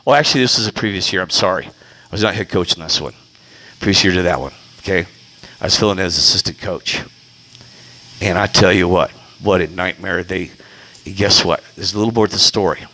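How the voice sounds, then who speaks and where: Brief: man, youth coach, lower voice with a bright edge, animated storyteller who acts out the people he quotes. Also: low-quality recording. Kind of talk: casual storytelling monologue.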